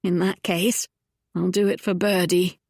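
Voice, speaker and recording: A woman's voice: lowish voice, flat delivery, unhurried, a little mellow, no echo, studio quality. A woman voicing an earnest, emotional young Regency lady in an audiobook, speaking in a pleading, heartfelt way. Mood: tender.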